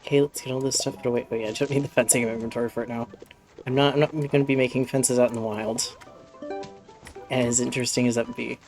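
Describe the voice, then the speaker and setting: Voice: mid-range voice, steady tone, quick pace, music in the background. A streamer in casual live-stream chat, rambling and talking fondly to a pet cat while playing.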